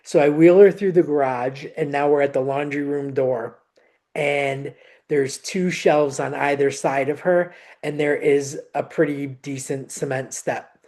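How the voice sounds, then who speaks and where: A woman co-hosting a podcast, telling a personal story in an animated, emotional way and acting out the dialogue. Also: sits low, measured pace. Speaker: podcast co-host. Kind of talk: casual chat, personal storytelling.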